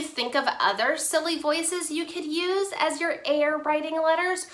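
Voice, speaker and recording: Bright, high-voiced woman therapist. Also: a little slow. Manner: upbeat and playful, chats with a hand puppet. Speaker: occupational therapist. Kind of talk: instructional talk to parents and teachers.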